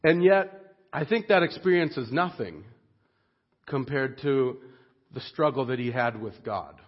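A man giving a sermon in an earnest, expressive way, dropping soft and low on grave points. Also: a little slow, slightly rough. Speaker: preacher. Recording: dull lo-fi recording.

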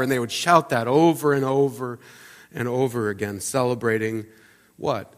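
A man preaching a sermon as pastor, talking in a loose conversational way with fillers and restarts, dropping to soft asides and rising to loud emphatic peaks. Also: mid-range voice, steady tone, normal speed, big-room sound. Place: church sanctuary.

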